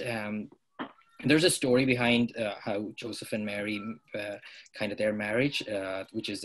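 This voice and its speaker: A man's voice: mid-range voice, husky, poor audio. A man answering a question in a casual online chat, hesitant and thinking aloud.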